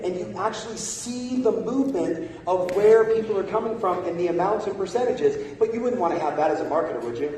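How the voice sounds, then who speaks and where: A man's voice: high voice, lively intonation, brisk, hardly any pauses, warm tone, slight background noise. A man giving a motivational sales talk in a large conference hall, punchy and constantly checking in with the crowd. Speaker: keynote sales speaker. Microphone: phone recording from the audience. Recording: echoey hall from far off.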